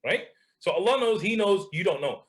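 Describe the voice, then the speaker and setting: A man's voice: sits high, animated, normal speed. A man coaching someone in conversation, asking pointed questions and calling him bro. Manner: direct, questioning, calls listener bro.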